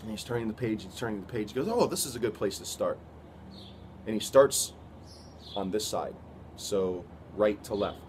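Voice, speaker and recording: A man giving an earnest, halting personal testimony, retelling events with quoted dialogue. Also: fairly low pitch, a little mellow, slight background noise.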